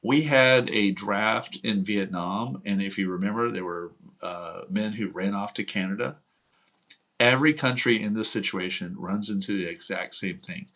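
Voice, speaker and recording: A man's voice: on the low side, moderate pace, bright, forceful tone. A man from Houston hosting political commentary, talking in a blunt, profane, heated rant. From United States (Houston). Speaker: host.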